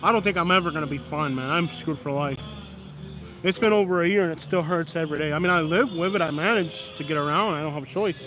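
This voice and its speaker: A man's voice: on the high side, fast talker, music in the background. A man, chatting casually and rambling to his viewers on a live stream from a downtown street at night, filmed on a camera stand.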